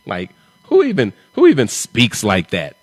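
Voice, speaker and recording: A man's voice: medium pitch, huge pitch swings, a little slow, no echo. A man hosting a live stream, talking in an emphatic, repetitive and confrontational way. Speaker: livestream host.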